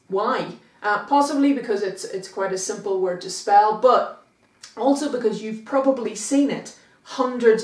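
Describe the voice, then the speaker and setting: Patient woman teacher, echoey and distant. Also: mid-range voice. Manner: patient, explains step by step with examples. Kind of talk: recorded online English lesson. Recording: echoey room, voice from far off the mic.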